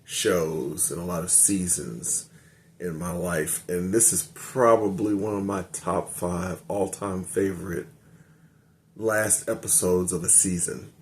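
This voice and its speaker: Older man, fairly low voice, casual review, rambling recap, self-correcting. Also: fairly even intonation, slow pace, a little hiss or hum. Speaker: anime reviewer.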